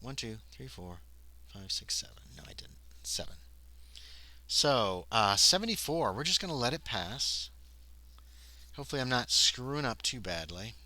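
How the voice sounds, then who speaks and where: Guy reading a solo tabletop horror game out loud on stream, mutters side comments, bouncy voice, dry close sound. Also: medium pitch, no room sound, poor audio. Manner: reads the text aloud, then breaks off into muttered asides and dice counting. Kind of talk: reading a solo horror scenario aloud on a livestream.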